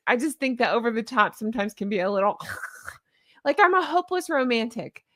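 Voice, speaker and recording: A chatty woman hosting a livestream, her voice rising and falling a great deal and sitting a little high. The sound is dry and close. She jokes and greets viewers as she goes. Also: fairly bright tone, dry recording. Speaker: host of a commentary channel. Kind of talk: casual livestream chat.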